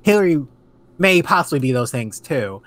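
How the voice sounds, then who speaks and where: A man's voice: a little high, big pitch swings, moderate pace, a bit bright. A man co-hosting a casual podcast chat, ranting animatedly and swearing freely. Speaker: podcast co-host.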